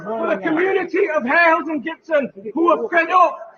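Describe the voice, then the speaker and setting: A man, a politician, shouting a defiant, repetitive rally speech. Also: very high-pitched, moderate pace. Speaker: politician giving a victory speech. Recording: dull lo-fi clip over a cheering crowd.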